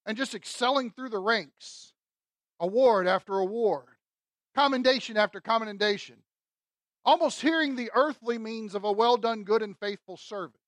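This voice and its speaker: A woman's voice: a little high, animated, moderate pace, no echo. Emphatic woman preaching in a dry room. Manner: emphatic, conversational, asks the audience rhetorical questions. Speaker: Bible teacher. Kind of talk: expository sermon.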